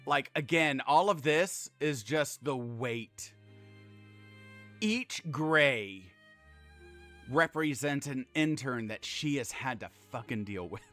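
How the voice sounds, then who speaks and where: A man's voice: medium pitch, expressive, slow pace, fairly bright tone, faint music behind. A man in his thirties streaming a game, talking casually, swearing freely and turning earnest when he praises others. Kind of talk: casual gameplay commentary.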